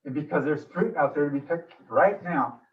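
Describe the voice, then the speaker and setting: A fairly high-voiced man speaking with emotion and frustration during public comment at a council meeting. He is picked up from some distance across the room, and the sound is dull and muffled. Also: moderate pace.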